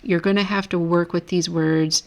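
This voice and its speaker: A woman with a notably low voice gives a recorded grammar lecture. She explains each rule patiently, pausing to correct herself now and then. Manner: relaxed, self-correcting explanations. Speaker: Greek grammar teacher. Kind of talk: recorded lecture over screen.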